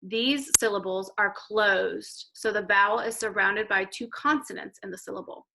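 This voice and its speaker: A woman teacher giving a recorded reading lesson to young children, slowly sounding out letters and words. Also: mid-range voice, steady tone, pushed and bright, rough recording. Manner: slow, clear modelling of letter sounds.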